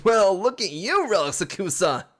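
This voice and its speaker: A man voicing a brash, mocking male street-gang thug in a put-on rough British accent. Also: high-pitched, big pitch swings, normal speed, fairly bright tone, pitched above the performer's own voice, exaggerated voice. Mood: taunting. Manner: taunting, swaggering.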